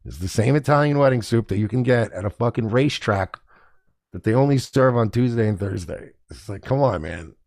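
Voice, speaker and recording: A man's voice: mid-range voice, animated, brisk, vocal fry, a little mellow, no echo, studio quality. A man hosting a podcast, ranting casually and indignantly with plenty of profanity. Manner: profane, indignant, mocks others in put-on voices. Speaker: podcast host. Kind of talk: casual rant to camera.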